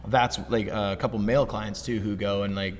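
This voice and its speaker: A man's voice: on the low side, steady tone, moderate pace. A male podcast co-host chatting casually about business, loose and motivational, with lots of "like" and "you know". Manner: loose, filler-heavy, motivational. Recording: long reverb, faint ambient noise.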